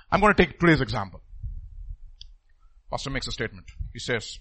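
A pastor preaching a sermon emphatically, his voice swinging from loud outbursts to hushed asides. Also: mid-range voice, big pitch swings, a little fast, long pauses, breathy edge.

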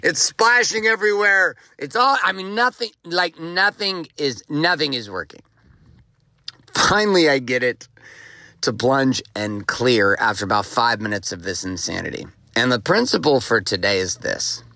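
Animated, bright-voiced profane male host. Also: mid-range voice, normal speed, no room sound. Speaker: podcast host. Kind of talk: motivational podcast monologue.

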